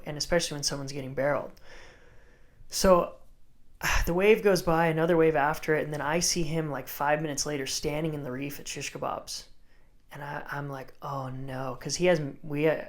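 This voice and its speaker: A man guest on a podcast, casually telling a story in laid-back surfer talk, full of "like" and acted-out dialogue. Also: on the high side. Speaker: guest, surfer and surf coach.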